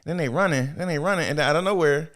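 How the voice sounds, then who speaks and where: A man co-hosting a podcast, recapping anime episodes in animated, profane, casual chat. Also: on the high side, very fast. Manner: animated storytelling with playful profanity. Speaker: podcast co-host.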